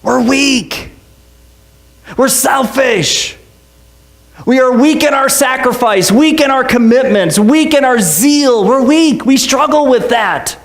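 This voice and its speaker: A man's voice: very high voice, slow pace, echoey room. A man preaching a sermon as pastor, conversational and joking, full of rhetorical questions. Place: church sanctuary.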